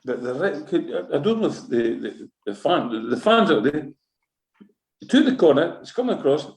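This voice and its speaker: Scottish ex-manager, gravelly, animated storyteller, roomy sound. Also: male voice, a little high, normal speed. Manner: lively anecdotal, acts out quotes, swears. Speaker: former football manager. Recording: roomy echo.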